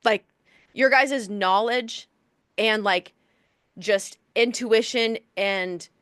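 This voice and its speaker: A woman's voice: on the high side, extremely slow, fairly bright tone, no echo, clean studio sound. Effusive woman co-hosting a podcast. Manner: gushing, effusive, lots of "like". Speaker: podcast co-host. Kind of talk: casual chat.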